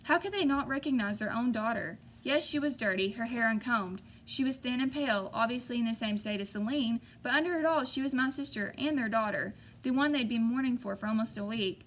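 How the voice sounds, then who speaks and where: A woman's voice: on the high side, fairly quick, hardly any pauses, a little hiss or hum. A woman narrating a novel in the first person, voicing the characters lightly. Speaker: audiobook reader.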